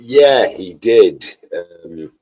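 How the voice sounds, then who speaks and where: A man co-hosting a hobby livestream in casual chat, laughing often and talking softly to a dog. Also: low-pitched, animated, drawn-out words, husky. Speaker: co-host of a modelling livestream. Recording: dull lo-fi stream audio.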